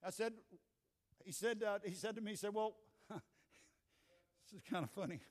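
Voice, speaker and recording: A man in his sixties with a Southern US accent, preaching a Pentecostal sermon as pastor, moving from quiet storytelling to shouted preaching in a church. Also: high-pitched, unhurried. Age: 60s. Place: church sanctuary. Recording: echoey hall with long reverb.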